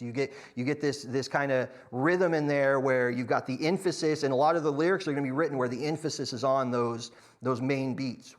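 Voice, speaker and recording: A man's voice: mid-range voice, moderate pace, hardly any pauses, fairly bright tone. A man teaching a church song leading class, counting beats aloud with frequent restarts. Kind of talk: church music class lecture.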